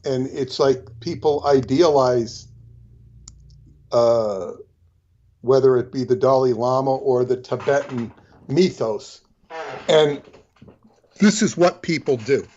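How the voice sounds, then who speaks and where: Male co-host, slow and halting, mid pitch, dull lo-fi line. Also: a little mellow. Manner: measured, halting, with frequent ums. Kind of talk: discursive commentary.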